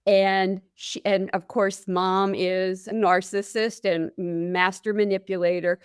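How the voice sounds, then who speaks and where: A woman of middle pitch hosting an interview podcast, recorded dry with no room sound. She speaks earnestly, backing her points with client stories and statistics. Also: level tone, takes it slowly, smooth, no room sound. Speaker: podcast host, nurse. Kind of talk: interview conversation.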